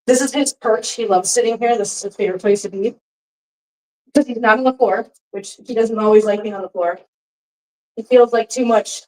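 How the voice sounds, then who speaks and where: A woman with a somewhat high voice chats casually through a livestream while cleaning up at home. She drifts between chatter for her viewers and cooing baby talk to her cats. She sounds a little distant from the mic. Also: darkish tone. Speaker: cat channel host. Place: home, doing chores. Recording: voice from far off the mic.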